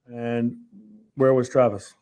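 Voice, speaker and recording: A man questioning a witness in court with brisk, leading questions. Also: medium pitch, fairly even intonation, warm tone. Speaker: attorney.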